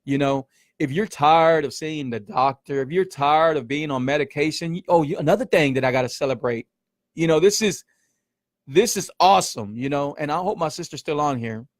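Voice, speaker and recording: A man's voice: a little high, normal speed, dry recording, studio quality. A middle-aged man, hosting a casual livestream as a keto coach, emphatic and repetitive, peppering his talk with man and y'all. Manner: emphatic, repeats himself, says man and y'all often. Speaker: keto coach and show host.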